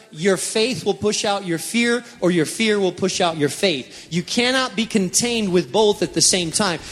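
A man's voice: sits high, fairly bright tone, long reverb tail. A man preaching a sermon as a pastor, telling Bible stories dramatically and asking his listeners direct questions. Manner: dramatic storytelling, acting out panicked voices; asks the congregation direct questions.

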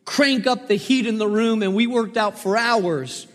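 A man's voice: high voice, a little slow, in a large hall. A man preaching a sermon as a pastor, telling stories and driving points home with emphatic repetition. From Spain.

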